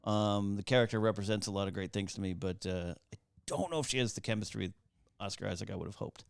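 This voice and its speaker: A man as guest on a casual movie commentary, eagerly sharing behind-the-scenes facts with quick asides. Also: on the low side, vocal fry, clear, resonant tone, dry recording, studio quality. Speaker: guest Star Wars expert.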